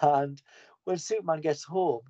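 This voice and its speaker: Mellow man recapping a comic casually. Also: a little high, steady tone, a little slow, no room sound. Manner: enthusiastic, rambling, with frequent restarts. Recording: dull lo-fi podcast audio.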